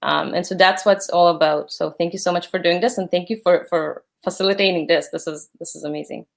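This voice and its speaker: A woman in her thirties speaking as an interview guest, her voice on the lower side. She sounds earnest and grateful, with frequent ums and restarts. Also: fairly even intonation, brisk, creaky. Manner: earnest, grateful, with many fillers. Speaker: guest, platform founder. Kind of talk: conversational interview.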